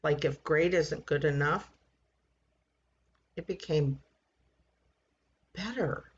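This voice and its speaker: A woman in her sixties giving an earnest personal faith testimony, halting and repeating words as she tells it. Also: low-pitched, dull audio. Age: 60s. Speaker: church member giving testimony.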